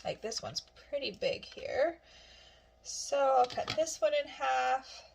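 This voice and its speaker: A woman's voice: high voice, animated, takes it slowly, vocal fry, slight background noise. A woman vlogging casually at home, chatting cheerfully while she cooks. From Canada. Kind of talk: casual chat.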